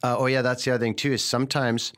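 A man's voice: medium pitch, little pitch movement, rapid-fire, a bit bright. A man in a casual podcast conversation. He talks candidly and earnestly, swears freely and acts out what people said to him.

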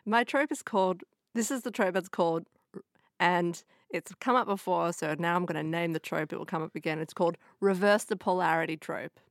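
A woman with a slightly low voice talks films with a co-host in easy, animated chat. She laughs often as she goes. The sound is dry and close. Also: fairly quick, no echo. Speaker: podcast co-host. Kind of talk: casual film chat.

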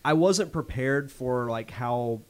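A man's voice: medium pitch, slow pace. Easygoing male podcast host. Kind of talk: casual podcast chat.

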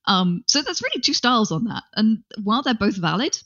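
A woman's voice: fairly high pitch, a little fast. Chatty woman on a muffled line. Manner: chatty, animated, playful asides. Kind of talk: casual conversation. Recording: slightly dull audio.

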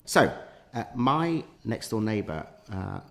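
A man's voice: lowish voice, very animated, slow pace. A man, a podcast guest, telling a long anecdote in casual chat with many fillers and restarts.

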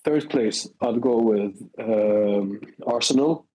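A man, a guest on a football podcast, giving his picks in a hesitant, halting way. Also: fairly low pitch, dark tone, slight background noise, rough recording. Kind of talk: casual chat.

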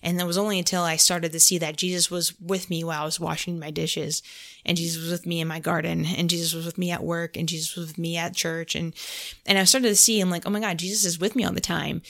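A woman's voice: lowish voice, little pitch movement, fast, vocal fry, fairly bright tone. A woman hosting a casual faith podcast, telling a story and acting out her own prayers in between, with lots of "like". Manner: storytelling, heavy use of "like", quotes her own prayers aloud. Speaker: podcast host.

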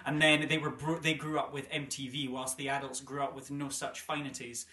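A man's voice: medium pitch, level tone, fairly quick, bright, forceful tone, echoey room. A man co-hosting a casual chat, joking, laughing often and stumbling over his words. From Scotland. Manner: jokey, laughs often, stammers and restarts. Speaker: podcast co-host.

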